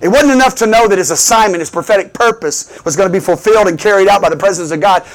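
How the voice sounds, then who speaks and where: A man's voice: high-pitched, fast. A man preaching a sermon in call-and-response style, building to emphatic bursts.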